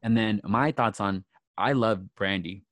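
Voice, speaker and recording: Low-voiced man gossiping about reality TV. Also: measured pace, dry recording. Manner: gossipy, animated retelling with quoted lines. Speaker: podcast co-host. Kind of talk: casual reality TV recap chat.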